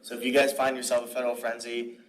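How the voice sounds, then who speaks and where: A man's voice: mid-range voice, completely flat delivery, fast talker. A young man casually making announcements at a student government meeting. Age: young adult. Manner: casual, rambling with fillers. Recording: distant mic with crowd behind.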